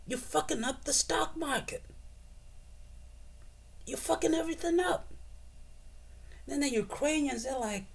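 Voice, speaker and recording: A man's voice: very high-pitched, unhurried, vocal fry, long pauses. A man giving a profane, sarcastic and rambling political rant as a commentator.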